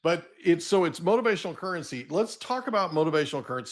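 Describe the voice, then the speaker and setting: A man's voice: a little high, lively intonation, fast. A man hosting a casual podcast interview, speaking in an enthusiastic, affirming way. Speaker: podcast host.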